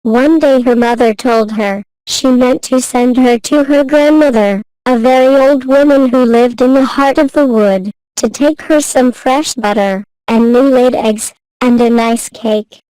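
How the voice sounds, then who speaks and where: A woman narrating a classic fairy tale in a slow, careful, even reading voice. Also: sits high, clean tone, no echo, poor audio. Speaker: storyteller.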